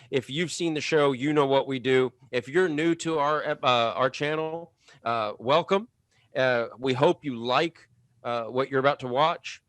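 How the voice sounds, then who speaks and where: A man's voice: mid-range voice, a bit bright, no echo. A man hosting a podcast, talking in an upbeat, chatty way with frequent "uh" fillers. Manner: upbeat, talkative, many "uh" fillers. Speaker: podcast host. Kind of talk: casual podcast chat.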